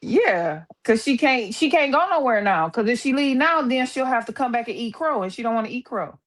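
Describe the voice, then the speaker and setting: A woman's voice: fairly high pitch, expressive, brisk. Woman guest on a stream, emphatic, keeps repeating her point in casual gossip.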